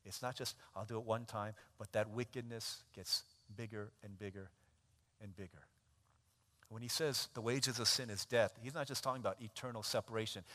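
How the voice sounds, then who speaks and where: A man preaching a sermon, telling an animated story and acting out the voices of the people in it. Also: medium pitch, in a large hall.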